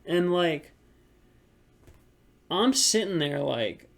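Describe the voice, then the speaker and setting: A man's voice: a little high, very animated, very slow, vocal fry. A young man co-hosting a podcast, telling a frustrated story about work in a rambling, casual way full of filler words. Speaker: podcast co-host.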